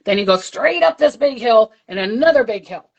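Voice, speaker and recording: A woman's voice: a little high, animated, moderate pace, husky, highs cut off. An older woman, a psychic medium, chatting casually on a livestream and telling a story, acting out the voices she heard.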